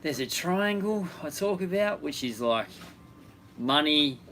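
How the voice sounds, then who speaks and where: A man with an Australian accent chats casually as co-host of a live Q&A, joking and tripping over his own restarts. His voice is bright and forward, with a faint hiss of noise under it. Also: a little high, lively intonation, unhurried, low-quality recording. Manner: joking, rambling, self-interrupting.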